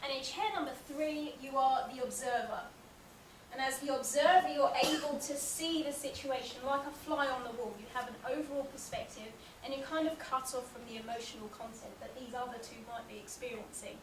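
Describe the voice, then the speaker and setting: A woman's voice: high voice, steady tone, brisk. A woman giving a storytelling talk about her work as a child therapist, acting out the voices in her anecdotes. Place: meeting room, recorded from the audience. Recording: echoey room, distant mic, background noise.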